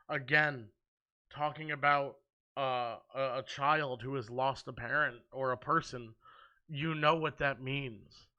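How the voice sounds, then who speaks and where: Earnest young man with a bright voice. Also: mid-range voice, clean tone, lo-fi sound. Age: 20s. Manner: earnest and heartfelt, with frequent ums. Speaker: movie review vlogger. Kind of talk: casual ranking chat.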